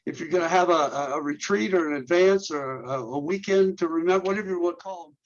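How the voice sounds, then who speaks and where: A man with a fairly high voice, speaking as a guest on a ministry podcast. He walks through his points step by step, stacks up rhetorical questions and trips over repeated words. The audio is dull and lo-fi. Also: quick pace. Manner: earnest, lists steps and rhetorical questions, repeats and restarts words. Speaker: guest, men's ministry leader. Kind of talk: instructional interview talk.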